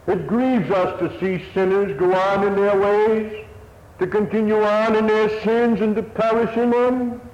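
A man's voice: medium pitch, darkish tone. A man preaching a sermon in an earnest, old-fashioned manner, his voice swelling and dropping. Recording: echoey hall, dull lo-fi sound, faint hiss.

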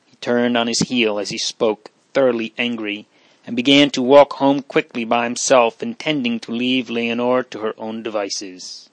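A man narrating an audiobook of a period novel in a measured, steady way. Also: medium pitch, no room sound.

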